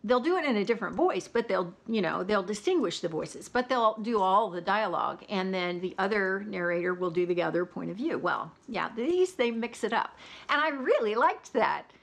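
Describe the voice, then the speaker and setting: Woman vlogger, mid-pitch, chatty and casual, reviews audiobooks. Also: expressive, normal speed, vocal fry. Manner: chatty, with many fillers like "you know". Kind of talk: casual vlog chat.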